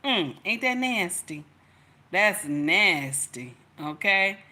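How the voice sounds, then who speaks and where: Speaking slowly at a medium pitch, this Nigerian woman has lively intonation and a pushed, bright sound. She runs a casual commentary livestream, chatting and preaching straight to her audience.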